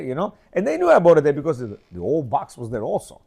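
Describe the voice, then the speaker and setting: Middle-aged male host, higher voice, lively and animated, rambling storyteller who acts out quotes. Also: fast, creaky, breathy edge. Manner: animated, rambling, frequent restarts and acted quotes. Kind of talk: casual storytelling commentary.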